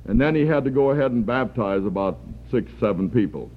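A man preaching a sermon, earnest and deliberate, lifting his voice for emphasis. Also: medium pitch, expressive. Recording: tinny phone-like archival recording.

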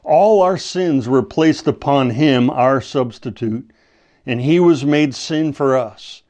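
A man preaching a sermon, teaching through a Bible passage in a measured, deliberate way and quoting scripture. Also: medium pitch, a little mellow. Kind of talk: expository sermon.

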